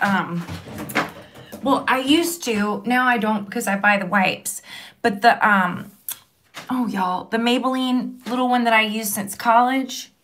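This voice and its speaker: A woman's voice: fairly high pitch, fairly bright tone, slight background noise. A young woman, chatting casually and laughing often as she tries makeup products. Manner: giggly, rambling, self-mocking. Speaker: beauty vlogger. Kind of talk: casual chat.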